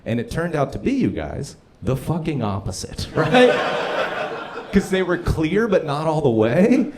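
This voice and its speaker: A man doing live stand-up on a comedy club stage, telling stories in an animated, profane way with frequent asides to the crowd. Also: fairly high pitch, unhurried.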